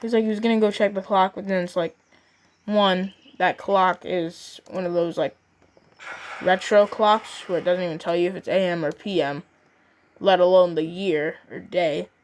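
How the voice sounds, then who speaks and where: A woman's voice: on the low side, fairly even intonation, normal speed. A woman casually narrating a plush toy story, rambling as she goes.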